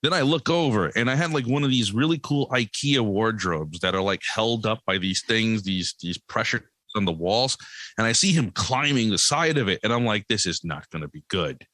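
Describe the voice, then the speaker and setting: A man who is a guest on a podcast tells a family story in a casual, animated way, laughing often and acting out what people said. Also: lowish voice, moderate pace, no room sound. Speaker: podcast guest, comic creator and single dad.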